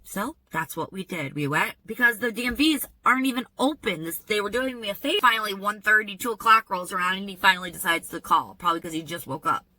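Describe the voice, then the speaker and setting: A woman telling a personal story in a vlog, in an animated, emphatic storytelling manner. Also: mid-range voice, fast talker, hardly any pauses, poor audio. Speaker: vlogger.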